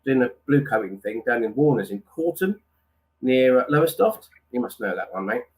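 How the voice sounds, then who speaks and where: A man's voice: mid-range voice, animated, moderate pace. A man, guest on a chat show, talking in a rambling, chatty way and calling people "mate". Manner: rambling, chatty, slips into impressions. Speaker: guest impressionist. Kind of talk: casual chat.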